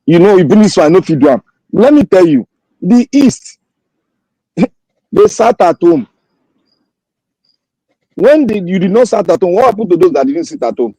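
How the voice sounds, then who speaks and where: A Nigerian man in a heated political debate, forceful and interrupting, slipping into pidgin. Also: high-pitched, very animated, normal speed, pauses often, husky, dry recording, rough recording.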